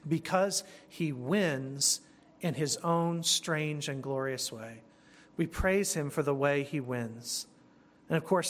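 A man preaching a sermon earnestly, slowing down to stress key words and rushing through asides. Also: a little high, a bit bright. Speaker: pastor.

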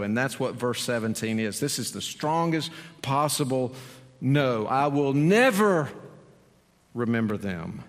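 Gravelly guy preaching a sermon, earnest, big echoey hall sound. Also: medium pitch. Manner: earnest, building to emphatic appeals. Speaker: pastor. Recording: long reverb in a large hall.

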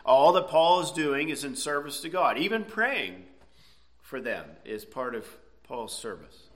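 A man's voice: a little high, animated, a little slow. A middle-aged man preaching a sermon, explaining a passage in a conversational way and checking in with "okay?" and "right?". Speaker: pastor.

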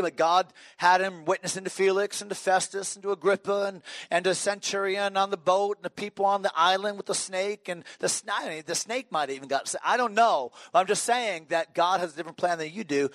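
A middle-aged pastor preaches a sermon in a conversational way, telling humorous stories with frequent restarts. His voice sits high and a bit bright, with no room sound.

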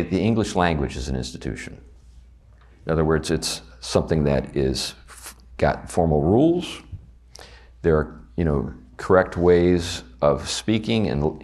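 Deep-voiced Southern man teaching a Bible class. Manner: conversational, animated, asks the class questions. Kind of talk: teaching a class on a confession of faith.

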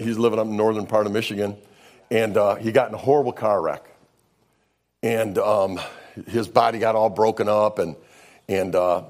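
A male pastor preaching a sermon, telling stories in a folksy way and swinging from loud to hushed. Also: on the low side. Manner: folksy storytelling, says "man" often.

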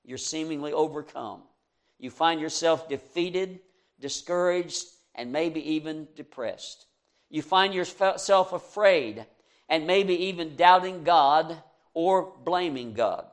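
A man's voice: a little high, slow pace. A man preaching a sermon in an earnest, conversational way, raising his voice on quoted scripture and chuckling at his own asides.

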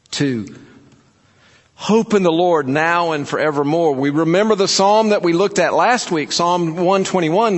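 An earnest male pastor delivers a sermon, urging and telling stories with steady conviction. His voice sits at an ordinary middle pitch. A long reverb trails each phrase, as in a large hall. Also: slightly rough.

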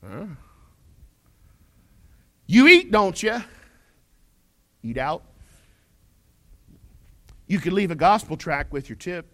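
A male pastor preaching a sermon, folksy and humorous, swinging between loud declarations and quiet asides as he questions his congregation. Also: high-pitched, big pitch swings, slow, pauses often.

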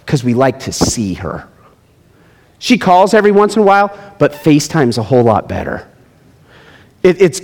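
A middle-aged man preaching a sermon as pastor, swinging between loud, high emphasis and low, quiet drops. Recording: long hall reverb.

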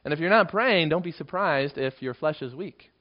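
Here a pastor with a higher voice and lively intonation preaches at a moderate pace. The expository sermon is emphatic, with dramatic swells whenever he reads quotations. It was recorded in dull lo-fi quality.

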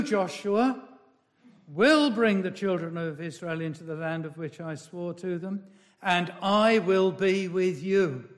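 A man preaching a sermon in a slow, emphatic way, repeating key phrases and swinging from loud declarations to hushed asides. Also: high voice.

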